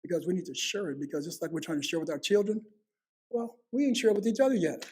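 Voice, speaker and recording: A man's voice: high voice, expressive, quick pace, darkish tone, slightly rough. A man in his fifties hosting a heartfelt family conversation, earnest, often repeating words as he starts a thought. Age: 50s. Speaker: host.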